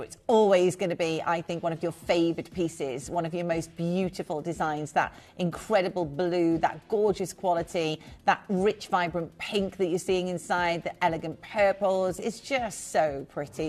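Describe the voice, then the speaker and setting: A woman presenting live jewellery sales on a shopping channel, chatty and gushing with quick asides. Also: on the low side, darkish tone.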